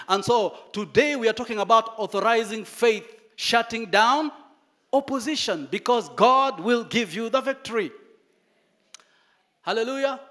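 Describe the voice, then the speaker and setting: High-voiced preacher. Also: male voice. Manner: animated preaching, dramatic pauses and storytelling. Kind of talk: sermon.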